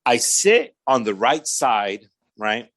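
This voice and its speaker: Very animated yet taking it slowly, this man speaks at medium pitch with a fairly bright tone and a Southern California accent. He tells his testimony as a casual story, acting out quoted voices and using fillers like "man" and "right?".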